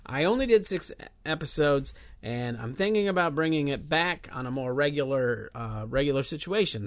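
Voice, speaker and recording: A man's voice: medium pitch, a bit bright. Casual rambling podcast host, man. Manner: casual, rambling, many filler uhs. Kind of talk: solo podcast intro announcements.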